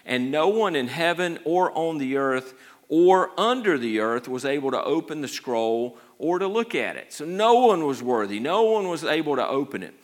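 A man's voice: fairly high pitch, very animated, moderate pace. A man preaching a sermon with an earnest delivery, often repeating and restarting his words.

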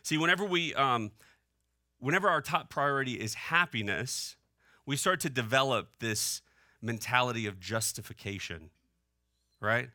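A young man preaching a sermon in a relaxed, conversational way, often checking in with the congregation. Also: medium pitch, moderate pace, no room sound, clean studio sound. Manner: conversational preaching, asks the room "right?". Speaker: pastor. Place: church hall.

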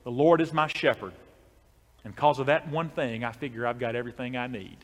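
A man doing a humble, halting old farmer. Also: medium pitch, fairly even intonation, long reverb tail, lightly acted. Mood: quiet faith. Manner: halting, stammering, homespun. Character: humble soft-spoken old male farmer in his sixties.

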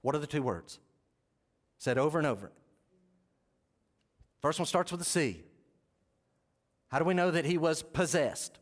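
A man preaching a sermon as pastor, conversational and full of rhetorical questions to the congregation. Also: a little high. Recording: long reverb of a large hall.

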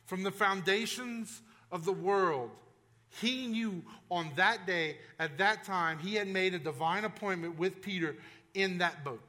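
A male pastor with a high-pitched, sharp voice delivers a sermon. He's conversational yet emphatic, frequently restarting and making asides to the congregation.

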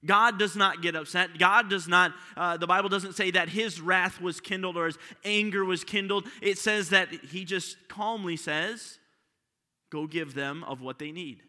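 A man's voice: sits high, steady tone, moderate pace, few pauses, sharp tone. A pastor preaching a sermon to his congregation, often asking them rhetorical questions. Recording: long hall reverb.

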